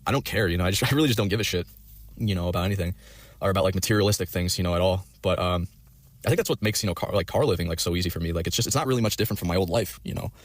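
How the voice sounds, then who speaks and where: A man's voice: low-pitched, racing, no echo. A man telling a long personal story in a rambling way, full of swearing and fillers. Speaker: storyteller in a reacted-to clip.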